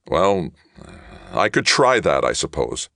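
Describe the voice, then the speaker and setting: A man's voice: very deep voice, very animated, slow pace, gravelly, sharp tone, dry recording, clean studio sound, heavily acted. A man voicing an older male commando who snaps back at his captors with indignant, snarling lines. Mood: grudging.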